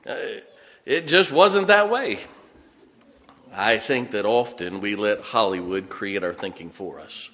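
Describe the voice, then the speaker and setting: Telling homespun stories from the pulpit, a male pastor with a mid-range, somewhat bright voice speaks a little slowly and keeps catching and fixing his own sentences partway through. The recording carries a long hall echo.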